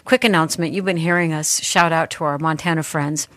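A woman's voice: sits low, fairly even intonation, fairly quick, a bit bright, no echo. A middle-aged woman hosting a faith talk radio show, speaking in an earnest, heartfelt way that is a little teary. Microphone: studio microphone.

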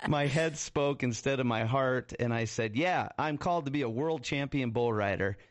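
A man's voice: medium pitch, moderate pace, no echo. A pastor and radio co-host telling his life story in a radio interview, laughing often and acting out the voices of people in it.

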